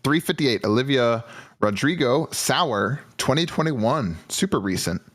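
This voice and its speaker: A man co-hosting a casual music podcast, rambling with halting restarts. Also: medium pitch, lively intonation. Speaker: podcast co-host. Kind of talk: casual chat. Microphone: headphones, remote call.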